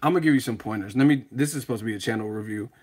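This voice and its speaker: A man's voice: medium pitch, very fast, darkish tone, slightly rough. A man hosting a livestream reaction show, trash-talking in a brash, profane way. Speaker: boxing channel host.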